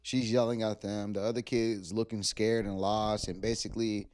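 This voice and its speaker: A man's voice: normal speed, clear, resonant tone, no echo. A man co-hosting a podcast, telling a long story in casual chat and acting out the quoted voices. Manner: animated storyteller who acts out quoted voices in a higher pitch. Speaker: podcast co-host.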